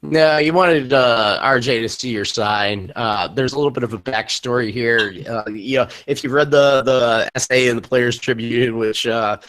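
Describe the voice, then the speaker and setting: A man's voice: medium pitch, moderate pace, few pauses, a bit bright. A man hosting a podcast who asks loose, joking questions full of fillers. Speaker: podcast host. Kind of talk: casual interview questions.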